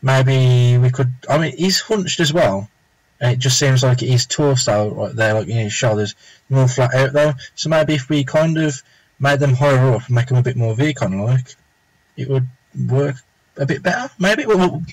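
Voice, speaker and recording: A man's voice: mid-range voice, normal speed, dry recording, poor audio. A young man chatting casually and rambling as he draws live on stream, muttering to himself now and then. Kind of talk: casual chat while drawing.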